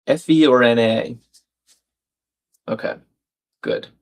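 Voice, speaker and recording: A man's voice: medium pitch, wildly swooping pitch, slow pace. A man hosting a live crossword stream, thinking aloud, reading out viewers' chat comments and laughing often.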